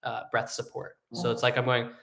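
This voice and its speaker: A man who sings tenor, teaching a live singing lesson in a relaxed, explanatory way, with hummed and sung demonstrations. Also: mid-range voice, moderate pace, gravelly. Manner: explains casually, demonstrates hums and sung vowels.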